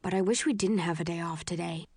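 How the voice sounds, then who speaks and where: A woman's voice: fairly low pitch, fast talker, darkish tone, husky, no room sound, clean studio sound. A woman voicing a thoughtful young man who speaks tentatively and confidingly. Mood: hesitant.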